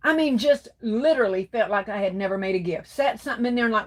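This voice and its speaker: A woman's voice: fairly high pitch, fast talker. Chatty woman reading comments. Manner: warm, affectionate, calls viewers baby and darling. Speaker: livestream host. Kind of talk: casual livestream chat reading comments.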